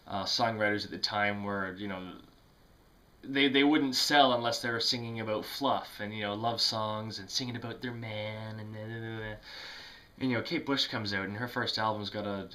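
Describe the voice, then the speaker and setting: Man, casual vlog chat, bright and forceful tone, rambling, full of ums and restarts. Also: mid-range voice. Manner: rambling, many fillers and restarts, self-deprecating laughs. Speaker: music vlogger. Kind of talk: casual talk to camera.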